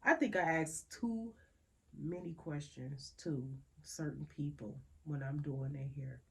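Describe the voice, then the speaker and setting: Young woman host, blunt and profane, unhurried delivery. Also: low-pitched, gravelly, darkish tone. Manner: blunt, profane, laughing, emphatic repetitions. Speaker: podcast host. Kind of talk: frank casual monologue.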